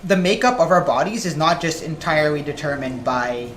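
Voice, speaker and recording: A man's voice: a little high, expressive, a little fast. A man live-streaming a video game, chatting casually and thinking aloud with fillers as he plays. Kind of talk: casual live-stream chat while gaming. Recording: echoey room with loud background noise.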